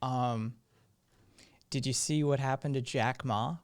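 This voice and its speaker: A man hosting a live stream, his voice still hoarse, talking in a rambling, sardonic way and swearing freely. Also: mid-range voice, fairly even intonation, slow pace. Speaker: live-stream show host. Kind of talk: casual live-stream commentary.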